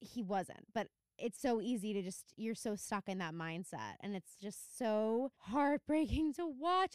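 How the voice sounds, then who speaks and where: A young woman co-hosts a casual recap podcast, her voice smooth and clear with a lively, swooping pitch. She keeps jumping into characters' lines. The sound is dry and close. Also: unhurried, few pauses, dry recording. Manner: animated, acts out characters' lines, laughs often. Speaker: podcast co-host.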